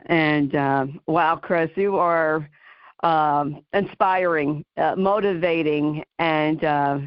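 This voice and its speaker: A woman with a New Jersey accent hosting a talk radio interview, halting and full of ums and you knows. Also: deep voice, smooth, dry recording, lo-fi sound. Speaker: host.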